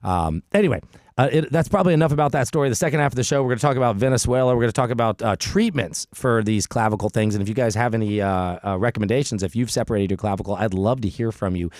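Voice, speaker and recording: A middle-aged man hosting a podcast, telling a story in an animated, chatty way with frequent restarts. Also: mid-range voice, fast, no room sound, clean studio sound. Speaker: podcast host. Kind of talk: casual storytelling chat.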